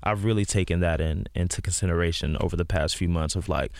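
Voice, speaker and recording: A man with a low voice talks earnestly and rambles a little, with a lot of "like", as a guest on a casual interview show. The sound is dry and close, with no room around it. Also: fairly even intonation, fast talker, no echo. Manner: earnest, rambling, heavy use of "like". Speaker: guest musician.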